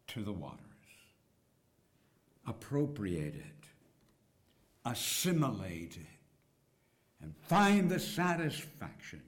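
Guy preaching slow, lowish voice, goes from big cries to near whispers. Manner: slow, dramatic preaching with sudden loud cries and hushed whispers. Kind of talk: sermon.

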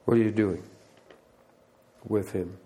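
An older man, a pastor, delivers a conversational sermon, mixing scripture readings with plainspoken remarks and direct questions to his listeners. His voice is on the low side and warm, with fairly even intonation and a slow pace.

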